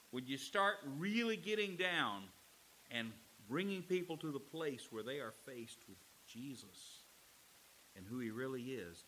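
Man, pastor, sermon, animated, bright voice, wide pitch swings. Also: a little hiss or hum. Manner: animated, acts out quotes with voices.

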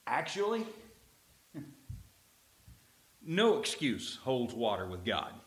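A man preaching a sermon, telling a story and swinging between quiet asides and loud emphatic lines. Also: mid-range voice, very animated, slow pace. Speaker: pastor.

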